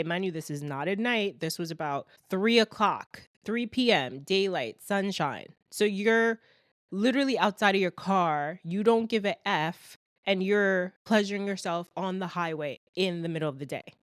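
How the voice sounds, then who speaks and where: A young adult woman hosting a podcast alone, ranting in a blunt, animated and exasperated way, a little congested from a cold. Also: mid-range voice, normal speed, no echo, studio quality. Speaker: podcast host. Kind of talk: solo ranting podcast monologue.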